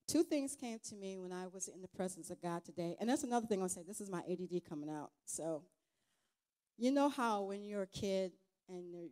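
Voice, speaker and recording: Earnest woman giving a halting testimony. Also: fairly low pitch. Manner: halting, restarts, earnest and conversational. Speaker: guest speaker. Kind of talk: informal testimony sermon.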